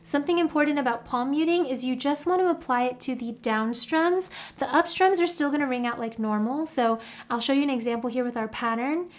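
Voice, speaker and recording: High-voiced woman teaching guitar. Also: fairly quick, hardly any pauses, a little hiss or hum. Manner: patient, explains step by step with fillers. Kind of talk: guitar tutorial with playing and singing. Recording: guitar playing heard under the voice.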